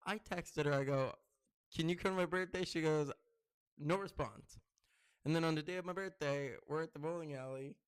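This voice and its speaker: On a dry recording, a young man's smooth voice carries his solo podcast as he chats and wanders through anecdotes, using plenty of fillers. When he gets excited, he turns loud and high-pitched.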